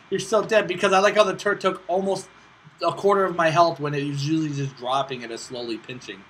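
A slightly high-voiced man talks fairly quickly over a rough recording with a bit of hiss or hum. He hosts his own gaming channel, commenting casually as he plays, calling out to teammates and swinging excitably between self-mocking jokes and frustrated outbursts.

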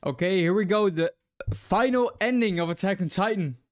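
A young man swearing freely as he reacts casually to an anime opening and ending, loud and excited at times, hushed and quiet when moved. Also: sits high, normal speed. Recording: faint music playing behind. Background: anime music playing.

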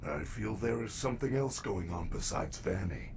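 A gentle robot bear from a video game, his voice gravelly and rough at the edges. He speaks softly and calmly, offering choices like a patient guardian, with a lively rise and fall in his pitch and a faint hiss behind him. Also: moderate pace. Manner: calm, soft-spoken advice.

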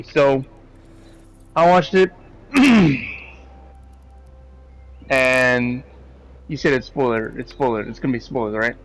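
A man's voice: mid-range voice, low-quality recording. Rambling, swearing young-sounding male host. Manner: rambling, swears freely, animated opinions. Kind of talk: casual movie review chat.

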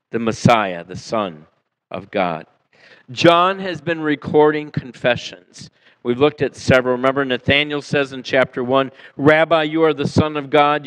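A male pastor preaching a sermon in a church, animated and conversational, acting out the people he quotes and asking his listeners questions. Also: on the high side, clean tone, rough recording. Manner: animated, acts out quoted voices, asks the congregation questions. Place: church sanctuary.

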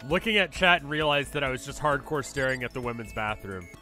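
A man streaming a video game, chatting casually and telling stories in an animated way, acting out the people in them. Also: mid-range voice, fast talker, faint music behind. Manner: animated storytelling, acts out other people. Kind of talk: casual gameplay commentary.

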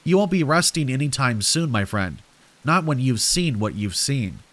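A man's voice: mid-range voice, sing-song, normal speed, fairly bright tone. A man playing a giggling, unhinged stranger. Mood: menacing. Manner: giggling, snickering, pushy and frantic. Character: creepy, unhinged middle-aged male stranger.

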